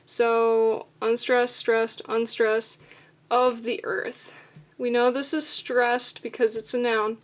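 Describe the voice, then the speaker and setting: Woman explaining poetry rules, slightly high. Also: flat delivery, slow pace, hardly any pauses. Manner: methodical, explains step by step with fillers. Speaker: poetry writing teacher. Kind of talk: instructional video explanation.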